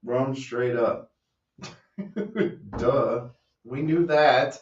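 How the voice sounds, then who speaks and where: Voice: medium pitch, extremely slow, a little mellow. A co-host in a casual chat about drinks, wisecracking and teasing. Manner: wisecracking, teasing, laughs a lot. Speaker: channel co-host. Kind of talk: casual banter while mixing drinks. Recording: roomy, distant, dull lo-fi sound.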